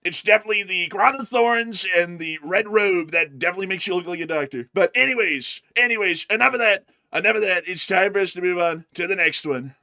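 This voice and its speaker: A pompous older politician rambles in endless self-praise, looping back over the same phrases, as a man puts on the impression. The voice sits a little high, with a bright, forceful edge. It sounds like a satirical livestream bit. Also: brisk, hardly any pauses, exaggerated voice. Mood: boastful.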